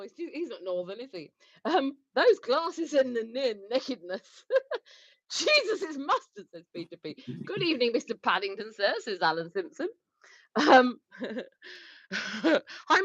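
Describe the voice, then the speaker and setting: A woman with a high, bouncy voice that leaps all over the place, laughing her way through a casual livestream as she reads out viewer comments. The sound is dry and dull, like lo-fi stream audio. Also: fairly bright tone, no room sound. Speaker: livestream co-host.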